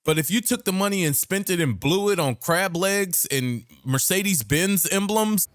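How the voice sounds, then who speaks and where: A man's voice: sits high, animated, normal speed, no echo, clean studio sound. A man hosting a reaction video, bluntly scolding the people in the clips and calling for accountability. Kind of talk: casual reaction commentary.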